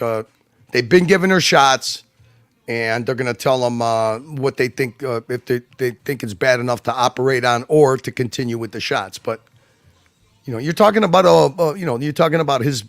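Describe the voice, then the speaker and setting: A man's voice: mid-range voice, no echo, studio quality. A man talking as a guest on a livestream, rambling and emphatic, with many restarts and asides. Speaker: guest commentator. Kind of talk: casual livestream chat.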